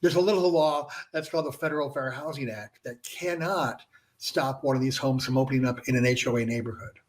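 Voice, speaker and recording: A man, a franchise founder and guest, explaining his business in a casual interview and filling pauses with "you know". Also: mid-range voice, steady tone. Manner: conversational, filler-heavy with frequent "you know".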